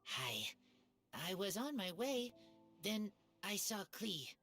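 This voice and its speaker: A man voicing a gruff, shy boy raised by wolves in a video game, speaking in slow, halting bits. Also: sits high, sing-song, bright, forceful tone, soft background music, exaggerated voice. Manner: slow, halting, few words.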